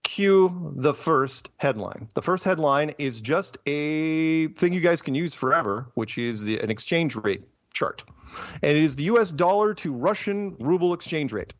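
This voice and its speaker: A man's voice: fairly high pitch, normal speed, no echo. A man hosting a casual commentary show, reading headlines with sarcastic, fired-up asides and laughs. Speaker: host. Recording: dull lo-fi sound, dry.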